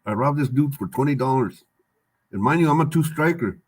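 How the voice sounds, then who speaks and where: A man's voice: mid-range voice, animated, fairly quick, husky. Older man telling a raw life story. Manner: rambling, repeats words and phrases, swears freely; streetwise slang. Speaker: guest. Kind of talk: candid personal storytelling.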